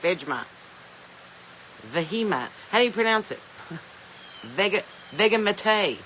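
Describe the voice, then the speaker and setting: Southern woman, live-stream host, bright voice, rambling, laughs a lot, phone mic, faint hiss. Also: medium pitch, rough recording. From Southern United States. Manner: chatty, rambling, laughs often, reads viewer comments aloud. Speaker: podcast host. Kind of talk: casual live-stream chat. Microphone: smartphone.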